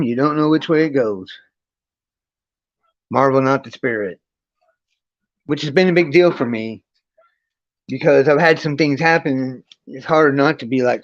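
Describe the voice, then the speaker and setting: A man casually telling a personal spiritual story on a livestream, rambling with restarts and profanity, pausing to read and greet his chat. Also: medium pitch, muffled recording. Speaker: livestream host. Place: his friend's home.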